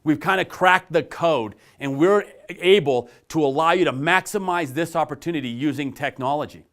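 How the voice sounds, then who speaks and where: A middle-aged man giving a persuasive sales pitch to the viewer as a network marketing presenter. He talks emphatically and stacks up rhetorical questions. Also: moderate pace, a bit bright.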